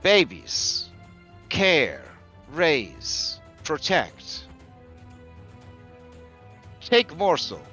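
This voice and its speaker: Brief: man doing a giant protective mother roc, higher and slow, terse clipped words, faint music behind. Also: huge pitch swings, bright, forceful tone, full character voice. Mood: blunt. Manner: terse, clipped single-word speech. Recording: slightly dull lo-fi audio. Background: faint background music.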